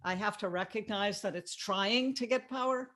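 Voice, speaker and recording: A woman author being interviewed in a casual conversation. Her voice is mid-pitched, and she answers in a warm, thoughtful way with easy laughter. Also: moderate pace. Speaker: author guest. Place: Florida.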